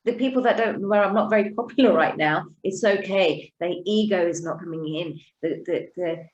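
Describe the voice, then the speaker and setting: Woman guest, low voice, earnest and halting, restarts often. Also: lo-fi sound. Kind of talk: emotional conversational speech.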